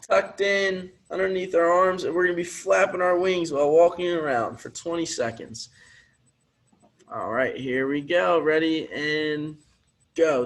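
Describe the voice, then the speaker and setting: Male PE teacher, slightly high voice, reads a storybook aloud and cheers kids on between activities. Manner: upbeat, encouraging, coaching children through activities. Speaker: physical education teacher. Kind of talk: reading a picture book aloud with movement breaks.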